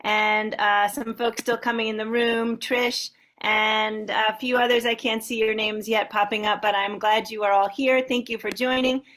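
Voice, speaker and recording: A woman hosts an online sing-along and cheerfully welcomes people one by one. Her voice sits high. It stays fairly level in pitch as she talks over a video call. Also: level tone, moderate pace, slight background noise. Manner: warm, upbeat greetings to a long list of participants. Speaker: host.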